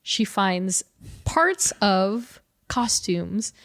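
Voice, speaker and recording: Woman podcast co-host, mid-pitched, chatty and animated, quick laughs. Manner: animated storytelling, laughing often, many fillers. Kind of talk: casual comics recap chat.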